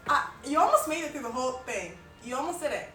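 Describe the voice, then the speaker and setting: A woman's voice: high-pitched, sing-song, quick pace, pushed and bright, recorded from a distance. A young woman chatting casually on a live stream, rambling and giggling with lots of filler words. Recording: roomy, off-mic, music behind.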